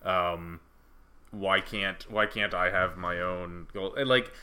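A man co-hosting a casual review podcast, recapping plot points in a steady, explanatory way. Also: low-pitched, takes it slowly. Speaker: podcast co-host. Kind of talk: casual anime review chat.

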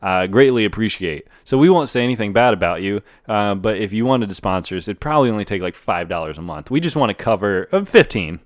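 A man's voice: lowish voice, animated, dry recording, studio quality, close to an everyday voice. A man putting on a rambling, stressed-out podcast host. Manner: rambling, pompous, halting with fillers. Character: neurotic stressed middle-aged male podcast host.

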